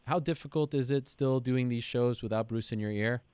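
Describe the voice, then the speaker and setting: A man's voice: mid-range voice, moderate pace, clear, resonant tone, dry recording. A man hosting a talk show, interviewing a guest with effusive praise and often repeating words as he goes. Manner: warm-hearted, effusive, stumbles and repeats words. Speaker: MMA show host. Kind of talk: casual interview.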